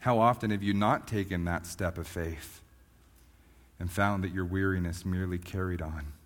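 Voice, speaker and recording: A man preaching a sermon as a pastor, moving from quiet reflection to loud, fervent emphasis. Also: sits low, steady tone, normal speed.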